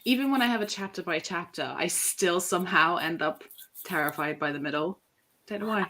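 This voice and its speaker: A woman's voice: on the low side, a little fast, pushed and bright. A woman writer chatting casually and chiming in with eager, encouraging interjections. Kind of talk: casual chat.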